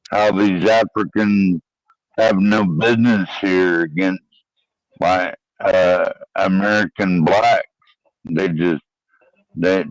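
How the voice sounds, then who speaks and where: Slow, blunt male panel caller. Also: low voice, no echo, poor audio. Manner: slow, blunt, profane opinions. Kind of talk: casual panel chat.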